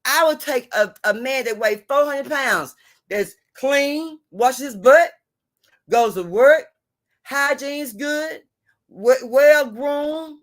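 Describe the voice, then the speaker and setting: A middle-aged or older woman lecturing viewers on relationships in a blunt, preachy way, often asking if they hear her. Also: sits high. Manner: preachy, repeats "you hear me?" and "you see what I'm saying?"; blunt and salty, drawn-out emphasis. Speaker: vlogger giving relationship advice. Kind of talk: emphatic advice rant to viewers.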